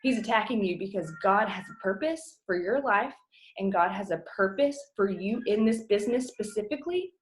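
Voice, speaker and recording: A woman in her thirties gives a heartfelt pep talk to her team over a video call from home. Her voice sits at an ordinary middle pitch, and she sounds earnest and close to tears at times, talking casually with fillers. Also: animated, moderate pace, a little hiss or hum. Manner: earnest, emotional, choking up at times. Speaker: team coach.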